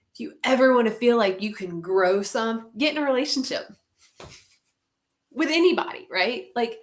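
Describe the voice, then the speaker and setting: A woman leading an online group, talking casually, candid and heartfelt, with many "like"s and the odd swear word. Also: fairly high pitch.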